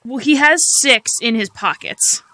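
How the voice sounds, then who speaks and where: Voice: mid-range voice, measured pace, pushed and bright. A player in a tabletop game, talking hesitantly with many fillers and restarts. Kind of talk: casual tabletop game play.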